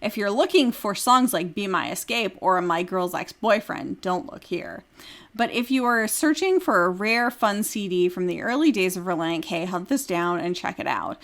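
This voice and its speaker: A woman's voice: mid-range voice, expressive, normal speed, fairly bright tone. A woman podcast host reading a review aloud in a casual chat, now and then breaking into giggles.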